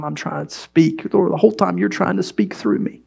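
A man's voice: on the high side, fairly quick, vocal fry, a little mellow, husky. A man preaching a sermon in a conversational, humorous way, telling stories and asking the audience questions. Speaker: pastor.

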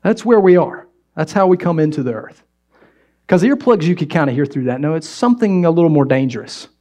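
A man's voice: a little high, lively intonation, fairly quick, mellow. A man preaching a sermon in a conversational, humorous way, telling stories and asking the audience questions. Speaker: pastor.

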